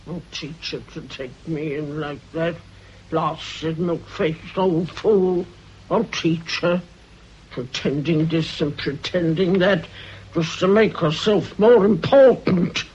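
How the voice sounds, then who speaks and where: A spiteful old woman who schemes and mutters threats, slow and husky in her delivery. This is a vintage radio play, its sound dull and lo-fi. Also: mid-range voice, lively intonation. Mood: muttering, vengeful. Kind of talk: radio drama acting.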